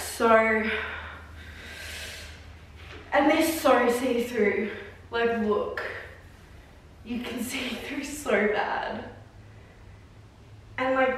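A woman's voice: high-pitched, a bit bright, reverberant, recorded from a distance, rough recording. A woman in her twenties filming a casual try-on vlog, chatty and exasperated, with lots of filler words. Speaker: vlogger.

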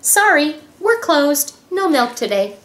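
A woman's voice: sits high, sing-song, slow, fairly bright tone, slight background noise, voice pushed up, full character voice. A woman voicing a herd of polite striking cows that read out their written demands in a prim letter-reading voice. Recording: echoey room with faint music.

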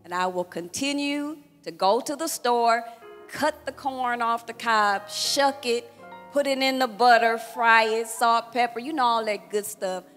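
A woman's voice: on the high side, a little slow, a bit bright. A woman in her sixties, a pastor, giving a thank-you speech at her church celebration and telling a funny story, acting out the dialogue. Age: 60s. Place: church hall event. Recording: long-reverb hall with music behind.

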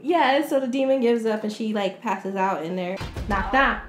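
A woman's voice: mid-range voice, moderate pace, soft background music. A woman hosting a podcast, giving a casual movie recap and acting out the characters' lines as she retells the plot. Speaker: podcast host. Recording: echoey room, faint background hiss.

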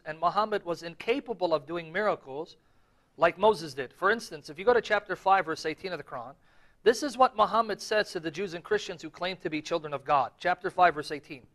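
A man giving earnest, emphatic religious debate commentary, often clearing his throat. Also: fairly high pitch, a bit bright.

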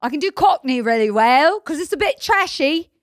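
Sassy, expressive female podcast co-host. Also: high voice, moderate pace, a crowd in the background. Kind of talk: casual chat.

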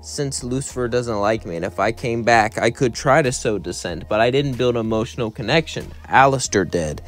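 A man voicing a weary, bitter female demon queen who speaks low and subdued. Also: moderate pace, faint music behind, natural voice.

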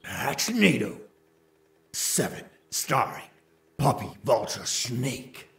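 A man imitating a deep-voiced male movie trailer announcer with a gravelly, dramatic delivery. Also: very animated, slow pace, a bit bright, heavily acted.

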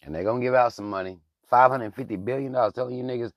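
A man's voice: medium pitch, rapid-fire, dry recording, clean studio sound. A man hosting his own channel, giving blunt, profane, heated political commentary in a casual rant. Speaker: channel host.

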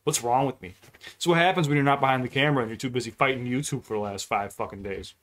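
Fast-talking, swearing man reacting to music. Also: medium pitch, a bit bright. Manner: loose, swears freely, hypes the viewers; jumps in to pause and explain the rap. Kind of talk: casual unscripted reaction commentary.

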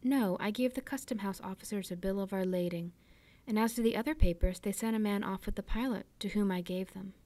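A woman's voice: mid-range voice, brisk, mellow, no echo, close to an everyday voice. A woman reading aloud, voicing an earnest young male ship's mate with a respectful, plainspoken manner.

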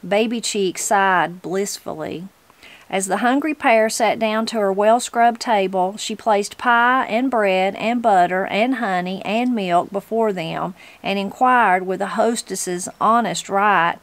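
Unhurried woman reading aloud. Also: mid-range voice. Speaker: host reading a book aloud. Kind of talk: storybook reading.

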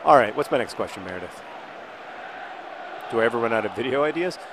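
A man casually commenting while playing a video game, rambling and restarting sentences, with sudden excited outbursts. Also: mid-range voice, fast, a crowd in the background, noisy background. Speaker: video host.

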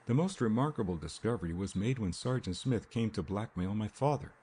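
A man voicing a protective brother who speaks calmly and firmly, pressing an accusation. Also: on the low side, fairly quick, husky. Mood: accusing. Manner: calm, firm, accusing.

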